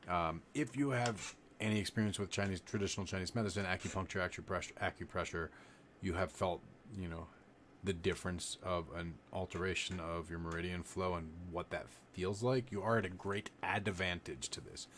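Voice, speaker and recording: A man leading a live-streamed breathing lesson, talking in a relaxed, rambling way and demonstrating as he goes. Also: deep voice, fairly quick, slight background noise. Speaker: livestream meditation teacher. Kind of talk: casual live-stream instruction.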